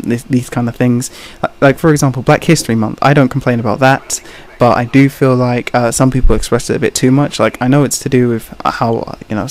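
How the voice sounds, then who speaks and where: With a mid-range, slightly mellow voice, a male gaming commentator rambles through casual takes on the gameplay. He hesitates often, fills gaps with "you know" and "kind of," and laughs awkwardly between points.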